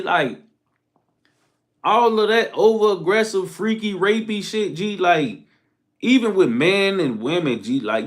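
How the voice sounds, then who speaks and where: Very high-voiced ranting young man. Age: young adult. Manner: animated, crude, laughing. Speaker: commentator. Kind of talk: profane solo commentary rant.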